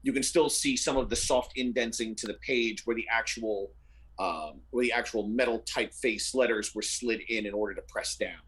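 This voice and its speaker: A man narrating as game master of a tabletop role-playing game, relaxed and descriptive. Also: on the low side, normal speed, slightly rough. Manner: descriptive, relaxed, uses fillers.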